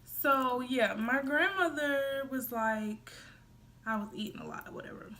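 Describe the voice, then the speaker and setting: A woman's voice: sits high, measured pace, pushed and bright. A young woman from the United States telling a casual storytime vlog into her phone, chatty and rambling, talking straight to her viewers. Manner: chatty and rambling, full of fillers, addresses viewers directly. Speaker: vlogger.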